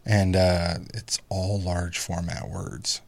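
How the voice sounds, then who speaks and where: A man in his thirties chatting casually as a podcast guest, telling family stories animatedly, swearing freely and mimicking squeaky kid voices. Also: level tone, slow pace, gravelly. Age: 30s. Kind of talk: casual chat.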